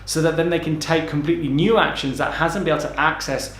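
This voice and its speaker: Speaking fast in a fairly high, steady, slightly bright voice, a transformational coach gives energetic advice straight to camera. He stresses his points and often repeats words, and the room sound is noticeable.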